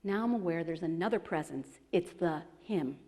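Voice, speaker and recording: A woman's voice: on the low side, warm tone. A middle-aged woman, a relationship therapist, giving a motivational talk at an expo, telling emotional personal stories with self-deprecating humor and leading a guided meditation. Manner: leads a guided meditation in a slow, soothing voice. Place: large expo hall. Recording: long reverb in a large hall.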